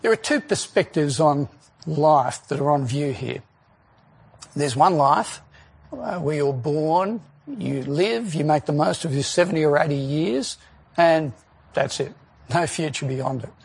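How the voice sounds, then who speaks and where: A man delivering a sermon in a slightly high, gravelly voice with a husky edge. He speaks earnestly and leans on key words with deliberate pauses. He often poses rhetorical questions to the congregation. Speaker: preacher.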